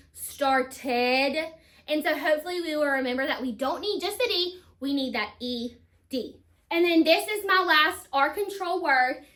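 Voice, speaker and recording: Bright, high-voiced teacher. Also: female voice. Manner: slow, deliberate sounding-out of words. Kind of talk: spelling lesson for children.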